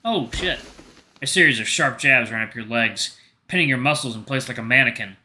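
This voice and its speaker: A man with a medium-pitched, slightly fast voice hosts a gaming channel, reading a story game's narration aloud and commenting casually. He drops casual reactions between stretches of steady narration, and there's a little hiss or hum on the recording.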